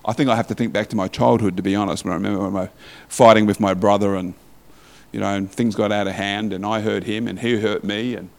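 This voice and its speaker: A man's voice: on the low side, fairly even intonation, quick pace, creaky. A man preaching a sermon in a conversational way, reading scripture aloud and asking the listeners questions.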